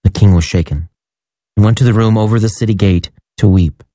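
A man giving a measured, solemn liturgical scripture reading. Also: fairly low pitch, mellow, no echo. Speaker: scripture reader.

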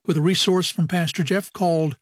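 A man reading a scripted broadcast outro. His voice is husky and fairly high. The sound is dry and close. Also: fairly even intonation, brisk, dry recording. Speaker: radio program announcer.

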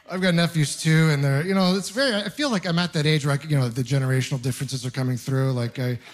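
A man in his thirties from Ontario doing a stand-up comedy set, telling stories with animated, acted-out voices. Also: a little high, quick pace, few pauses. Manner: animated storytelling, acting out voices. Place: comedy club stage with audience.

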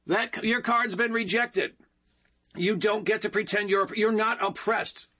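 A man's voice: high voice, sharp tone, breathy edge. A man hosting a political talk show, delivering an opinionated monologue with emphatic repetition and frequent calls to "folks.". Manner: emphatic and repetitive, keeps addressing listeners as folks.

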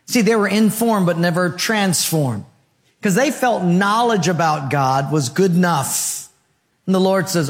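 High-voiced animated male preacher. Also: a little slow. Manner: animated preaching with audience questions. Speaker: pastor. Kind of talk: sermon.

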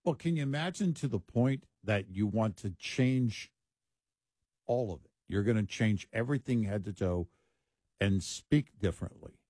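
A man raised in Texas, co-hosting late-night talk radio. His voice is lively and full of pitch swings, and the dry studio mic sounds close. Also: moderate pace, no room sound. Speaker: radio talk show co-host. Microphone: studio microphone.

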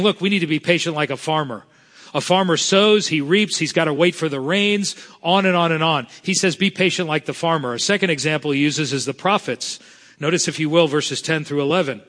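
A man from South Florida preaches to his congregation with a slightly high voice. He talks earnestly and slows down to stress the scripture he reads. His words ring out with a long reverb through a large church sanctuary. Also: fairly bright tone. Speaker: pastor. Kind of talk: sermon.

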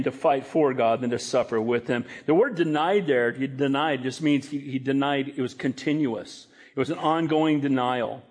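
A male pastor delivering an animated sermon. His voice sits a little higher than most men's, and he lifts it sharply when acting out the quotes. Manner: animated preaching, acts out scripture quotes in a raised voice.

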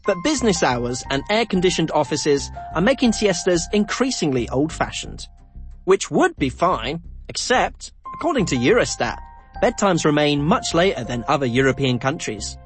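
A man's voice: fairly high pitch, big pitch swings, normal speed, soft background music. A man narrating a documentary in a scripted, personal way. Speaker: documentary presenter.

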